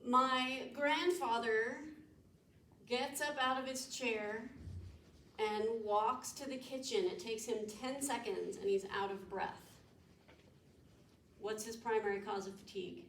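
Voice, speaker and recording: A woman's voice: on the high side, steady tone, slow, gravelly, a bit bright. A woman professor giving a classroom lecture, quizzing students and explaining step by step. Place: lecture room. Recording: echoey room mic from far off, background noise.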